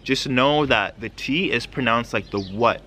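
A man giving a casual video language lesson, explaining patiently and repeating phrases slowly for learners. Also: medium pitch, bright, forceful tone. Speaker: language teacher.

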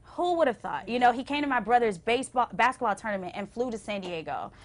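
A young adult woman singer telling stories as a TV interview guest, acting out quotes with big swings and going hushed when moved. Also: quick pace. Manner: expressive, acts out quotes with big pitch swings. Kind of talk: animated storytelling in a TV interview. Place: TV station interview.

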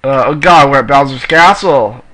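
A man giving casual let's play commentary while racing, excitable and yelling at the racers in the game, with a sore throat. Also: medium pitch, normal speed, poor audio. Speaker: gamer playing on his channel.

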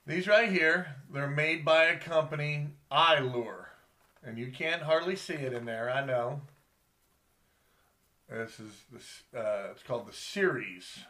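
Folksy middle-aged fishing captain, unhurried and bright-toned, rambling show-and-tell to camera. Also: male voice, fairly high pitch. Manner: rambling, folksy, talks straight to viewers. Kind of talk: casual show-and-tell vlog.

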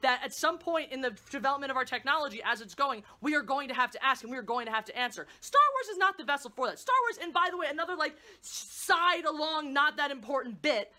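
A woman's voice: high voice, lively intonation, fast talker, few pauses, bright, forceful tone. A woman reviewing a movie in a profane, sarcastic, exasperated rant. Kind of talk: ranting film review.

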